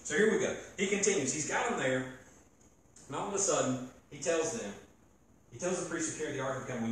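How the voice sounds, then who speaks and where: Animated preacher in an echoey hall. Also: male voice, medium pitch, fast, recorded from a distance, slight background noise. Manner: animated, joking, talks to the crowd. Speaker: youth preacher. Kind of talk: casual sermon. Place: church gathering hall.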